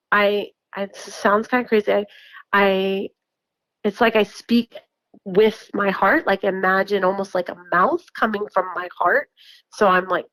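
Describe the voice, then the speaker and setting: A woman's voice: mid-range voice, no room sound, poor audio. Chatty woman telling a story, laughing often. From New York. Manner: chatty, laughs often, many fillers and restarts. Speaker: guest recounting encounters. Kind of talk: casual storytelling.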